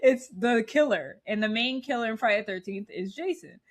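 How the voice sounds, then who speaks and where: This co-host, a woman in her thirties, talks fairly quickly in a somewhat high voice. Laughing often, she animatedly recounts a movie's scenes in easygoing podcast banter.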